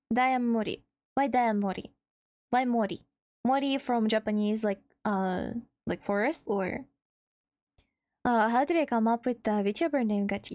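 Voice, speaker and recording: Chatty woman streamer, high voice. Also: moderate pace, dry recording, studio quality. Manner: rambling, chatty, laughs often, swears casually, reads out chat names. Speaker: VTuber streamer and artist. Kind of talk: casual live-stream chat.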